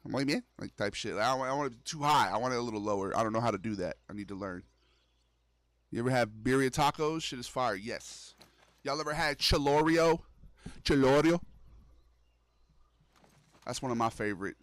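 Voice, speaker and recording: A man's voice: mid-range voice, fast, fairly bright tone, dry recording. A young man streaming a horror game, chatting casually and loosely with his viewers, full of slang. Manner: loose, slangy, calls the audience "bro". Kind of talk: casual gaming livestream chat.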